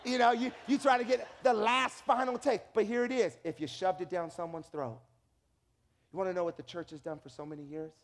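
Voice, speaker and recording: High-pitched guy preaching, animated storyteller, lots of stammered restarts. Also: a little fast. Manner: animated storytelling with acted quotes and repeated restarts. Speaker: pastor. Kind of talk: sermon.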